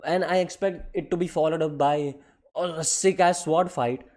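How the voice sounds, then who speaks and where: A man's voice: medium pitch, normal speed, darkish tone. Exasperated man ranting profanely. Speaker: anime commentary creator. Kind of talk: comedic rant.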